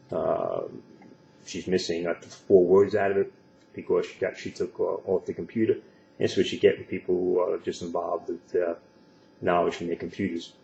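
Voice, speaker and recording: A man giving casual spoken commentary for an online video, halting and full of filler sounds. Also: sits low, vocal fry, warm tone, roomy sound, highs cut off, slight background noise.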